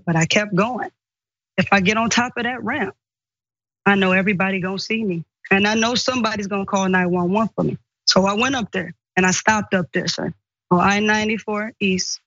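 Woman guest in an archive clip, lively storytelling, dull dry sound. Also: mid-range voice, moderate pace, no echo. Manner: animated storytelling, acts out quoted speech. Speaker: guest recounting an assault. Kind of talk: emotional first-person account.

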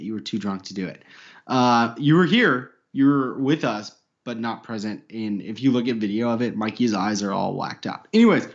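A man's voice: mid-range voice, muffled recording. Laughing, joking podcast co-host man. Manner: joking, laughs often, swears. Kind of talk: casual podcast banter.

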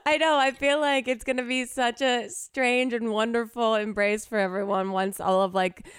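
Giggly, smooth-voiced woman co-host. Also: on the high side, steady tone, no echo, studio quality. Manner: giggly, enthusiastic, quick to laugh. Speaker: podcast co-host. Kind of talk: casual chat.

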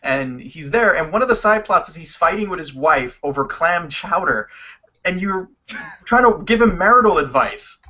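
A man co-hosting a casual video game chat, telling stories quickly with lots of swearing. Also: sits high. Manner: animated, profane, quick storytelling. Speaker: podcast co-host. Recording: dull lo-fi sound.

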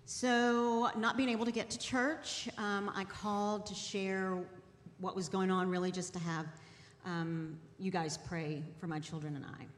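A woman in her forties giving an earnest, hesitant personal testimony to a church congregation, with many pauses and ums. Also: fairly even intonation. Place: large church sanctuary. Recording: roomy hall echo, faint rumble.

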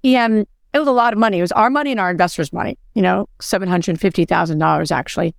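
A woman's voice: on the low side, rapid-fire, creaky, dry recording, studio quality. A woman co-hosting a podcast, speaking in an earnest, encouraging way. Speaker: podcast co-host. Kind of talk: motivational podcast talk.

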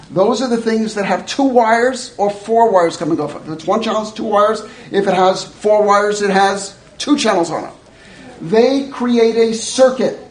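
High-voiced blunt male educator, echoey room. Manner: blunt, joking, conversational. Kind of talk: live workshop talk.

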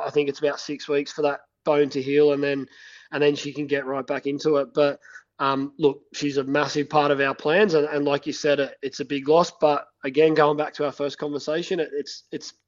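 A man who is a cricket head coach, being interviewed and speaking in a halting way, full of fillers and restarts. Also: on the high side. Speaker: head coach of a national women's cricket team. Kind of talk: phone interview. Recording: dull lo-fi phone line.

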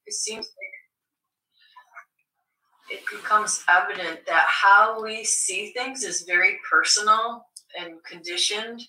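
A woman's voice: medium pitch, big pitch swings, slow, pauses often, sharp tone. A woman asking a teacher a question on a video call, hesitant and thoughtful. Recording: echoey, distant, noisy call audio.

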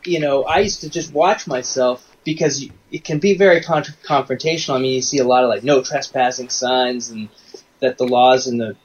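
A man who performs live for children, telling stories in a halting way on a casual interview. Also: mid-range voice. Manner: rambling, halting storyteller with restarts. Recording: dull remote call audio with faint noise.

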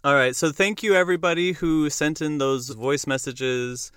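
A man's voice: on the high side, steady tone, normal speed, fairly bright tone, clear, resonant tone, no echo. A man hosting a musical theater podcast, chatting casually and enthusiastically. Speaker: podcast host. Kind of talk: casual chat.

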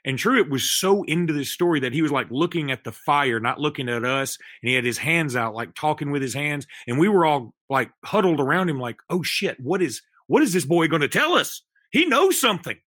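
A man co-hosting a podcast, telling a long anecdote in a rambling, animated way, full of restarts and fillers. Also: a little high, fairly quick, few pauses, dry recording. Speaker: podcast co-host. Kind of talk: casual storytelling chat.

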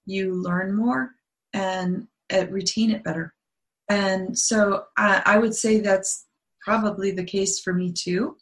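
A woman's voice: medium pitch, steady tone, slow. A middle-aged woman, a guest author, talking earnestly in a casual interview with many restarts. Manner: earnest, explains at length, trailing restarts.

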